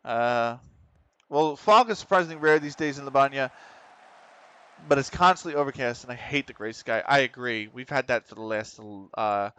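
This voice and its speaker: American streamer, bright clear voice. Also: male voice, medium pitch, no room sound. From United States. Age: almost middle-aged. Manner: swears often, frustrated at the match, reads chat. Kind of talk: casual gaming stream chat.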